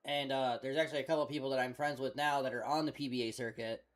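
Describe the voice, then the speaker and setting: A man's voice: medium pitch, fairly even intonation, fast talker. A young man chatting casually on a headset mic, telling a long rambling story full of swearing. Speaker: streamer. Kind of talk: casual chat.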